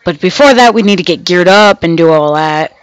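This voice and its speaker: Her fairly low voice is smooth and expressive, and she talks a little fast on a dry, rough recording. She hosts a gaming channel and rambles casually while playing, chatting to herself and the game animals. Being sick makes her sound off.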